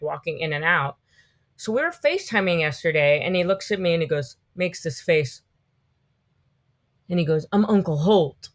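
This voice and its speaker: A woman in her fifties, a podcast guest, telling animated, rambling stories in a casual interview. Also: deep voice. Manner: animated, rambling storytelling full of "like".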